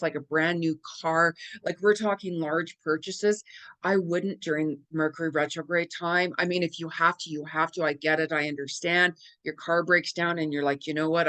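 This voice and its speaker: A middle-aged woman talking casually to camera as a psychic giving astrology advice, chatty and animated, acting out quoted reactions with big jumps in her voice. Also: fairly low pitch.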